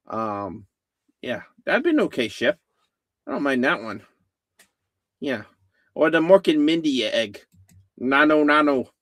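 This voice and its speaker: Lively, rambling male show host. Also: medium pitch, no echo, clean studio sound. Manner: rambling, full of fillers and restarts. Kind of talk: casual live-stream chat.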